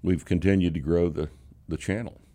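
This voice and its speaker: A man's voice: deep voice, moderate pace. An older man hosting a casual talk show, rambling and getting worked up, with frequent fillers. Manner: rambling, animated about politics, trails off with fillers. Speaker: podcast host. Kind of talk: casual chat.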